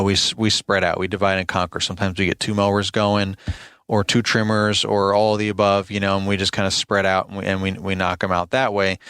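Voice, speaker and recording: A lawn care business owner hosts a podcast, telling a rambling, conversational story in a casual storytelling monologue and sounding exasperated about complaints. His voice sits low, smooth with a fairly bright tone. The recording is dry.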